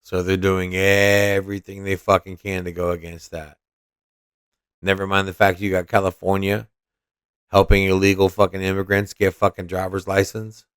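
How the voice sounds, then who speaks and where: A man's voice: low-pitched, monotone, moderate pace, fairly bright tone, clean tone, no room sound, clean studio sound. A man hosting a podcast, giving profane, mocking and combative political commentary. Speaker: podcast host.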